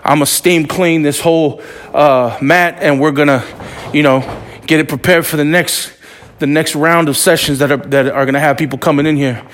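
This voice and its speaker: A man's voice: on the high side, steady tone, normal speed, fairly bright tone. A man hosting a wrestling podcast with boastful hype-man swagger and street slang, out of breath after a workout in a training gym. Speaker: podcast host.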